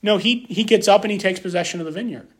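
This is a man with a high voice delivering a sermon. He reads scripture, then presses his points by repeating key phrases and firing off rhetorical questions. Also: quick pace, fairly bright tone. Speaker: preacher.

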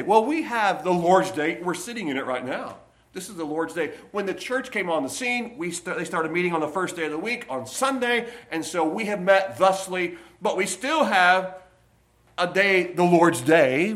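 A man preaching a sermon from the pulpit in a church, emphatic, with loud stressed phrases and quiet asides. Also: high-pitched. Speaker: pastor.

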